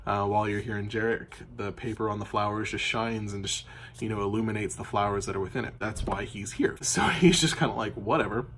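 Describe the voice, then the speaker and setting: A man's voice: fairly low pitch, a little fast, a bit bright, a little hiss or hum. A man game master recapping a tabletop campaign in casual, rambling storytelling with lots of fillers.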